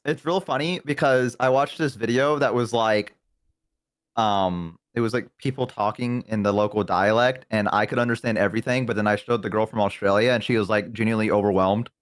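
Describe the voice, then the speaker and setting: A man's voice: fairly low pitch, a little fast, no room sound, studio quality. A young man in his twenties with a Southern US accent, telling stories in casual chat and acting out what people said. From American South. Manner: animated, self-deprecating, acts out quotes. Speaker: streamer.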